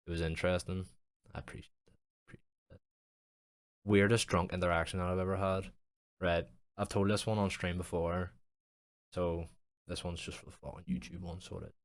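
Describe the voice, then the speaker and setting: A young man with a low voice talks casually on his podcast, rambling through a story with plenty of swearing and fillers. The sound is dry and close, with no room behind him. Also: level tone, a little fast, no room sound. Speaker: podcast host. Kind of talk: casual chat.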